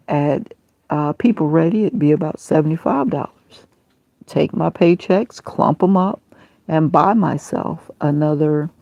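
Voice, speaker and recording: A woman's voice: low-pitched, vocal fry, mellow, no echo. A woman talking on her own livestream in a rambling, aggrieved, emotional monologue. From Tampa, Florida area. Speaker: livestream host.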